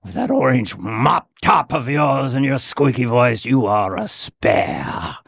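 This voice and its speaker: Man putting on a haughty bossy woman, scornful and scolding, comedy podcast spoof, gravelly edge, dry close sound. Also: medium pitch, sing-song, no echo, voice pushed down, exaggerated voice. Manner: mocking comedic impression, drawn-out scolding lines.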